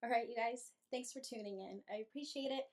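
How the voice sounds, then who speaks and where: A young adult woman, a medium, telling an emotional personal story to her viewers in a slow, heartfelt way. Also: fairly high pitch. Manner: slow, emotional, breathy with feeling, laughs between phrases. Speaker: medium and channel host.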